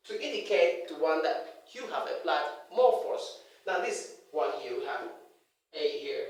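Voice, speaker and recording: Emphatic speaker drilling words in an echoey hall. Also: medium pitch. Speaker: speaker teaching pronunciation. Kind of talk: lecture on pronunciation. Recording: very echoey hall, voice far from the mic.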